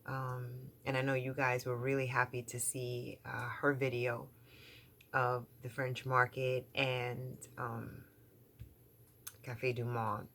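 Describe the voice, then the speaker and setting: A woman's voice: a bass voice, monotone, slow pace, a bit bright, a little hiss or hum. A middle-aged woman vlogging from home in casual chat, talking in a chatty, emphatic way with lots of fillers and repeated words. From New York.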